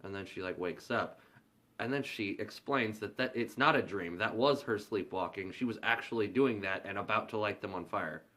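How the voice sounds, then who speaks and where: A man's voice: lowish voice, normal speed, a bit bright. A man casually recapping a horror film's plot, loose and profane, acting out the characters' lines as he goes. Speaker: movie reviewer.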